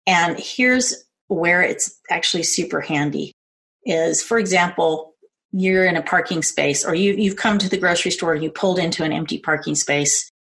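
A middle-aged woman giving a calm, earnest instructional talk on personal safety. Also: lowish voice, normal speed, creaky. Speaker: self-defense instructor.

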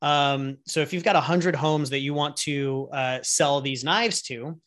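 Animated man telling business stories. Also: fairly high pitch, measured pace. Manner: animated storyteller who acts out little scenes. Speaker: guest entrepreneur and business coach. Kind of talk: casual interview talk.

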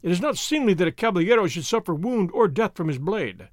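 Man putting on a pompous governor, blustery, flustered, high lively voice. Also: fairly quick, no echo, clean studio sound.

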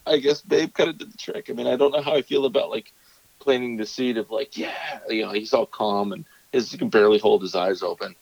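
A man in his thirties, a podcast co-host, tells a rambling story in casual chat and acts out his kids in a higher voice. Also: steady tone, fast talker, vocal fry, a little mellow, dry recording. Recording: dull lo-fi, dry sound.

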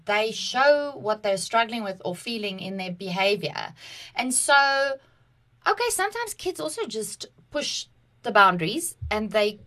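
Bright-voiced South African woman storyteller. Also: medium pitch. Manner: animated, dramatic storytelling with quoted voices. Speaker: podcast co-host. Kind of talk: casual chat, personal storytelling.

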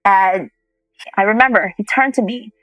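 A woman's voice: mid-range voice, moderate pace, dry recording, lo-fi sound. A middle-aged woman telling a personal story as a guest, reflective and at times choked up.

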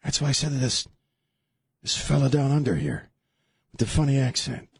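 A man's voice: mid-range voice, sing-song, normal speed, vocal fry, breathy edge, no echo. A middle-aged man hosting talk radio, rambling and joking, laughing often as he riffs. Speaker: radio talk show host. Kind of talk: casual comedic talk radio.

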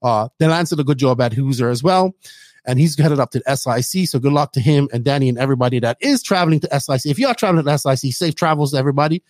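A man hosting a podcast in casual, rambling chat full of fillers and shout-outs. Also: medium pitch, racing, dry recording. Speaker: podcast host.

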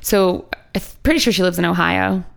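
A woman's voice: lowish voice, moderate pace, creaky, clear, resonant tone. A woman co-hosting a podcast in casual chat, laughing often and swearing casually. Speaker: podcast co-host.

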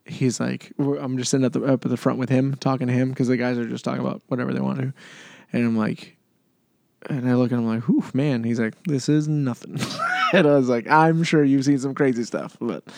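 Podcast co-host, man, mid-range voice, animated storyteller, dry close mic. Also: mid-range voice, a little fast, creaky, no room sound. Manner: animated, acts out voices in stories, laughs often. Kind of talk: casual storytelling chat. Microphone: podcast microphone.

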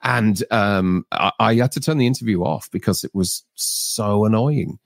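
A man hosting a casual livestream chat, relaxed and hesitant, with plenty of fillers. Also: fairly low pitch, normal speed, no echo, studio quality. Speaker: livestream host.

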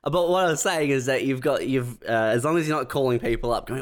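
A man co-hosting a podcast, telling dark jokes and acting out little scenes in casual banter. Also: mid-range voice, quick pace. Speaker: podcast co-host.

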